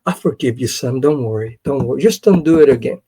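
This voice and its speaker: A man's voice: mid-range voice, lively intonation, fairly quick, dark tone, husky. A man doing a fatherly wrestling boss. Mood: forgiving. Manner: fatherly and reassuring. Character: calm older male wrestling boss forgiving a protégé.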